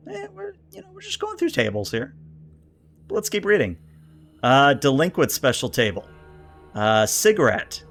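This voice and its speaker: During a casual livestream, a man with a mid-range, slightly bright voice reviews a tabletop role-playing book. He thinks out loud, reading list entries and riffing on each, chatting with and answering his viewers, with frequent fillers and restarts.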